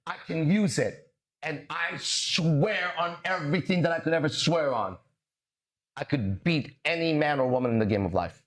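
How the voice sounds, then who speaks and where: A man holds forth on his podcast like a self-assured preacher, swearing freely and leaning into dramatic pauses. His fairly high voice swings widely in pitch from line to line. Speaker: mindset coach and podcast host. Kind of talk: podcast monologue.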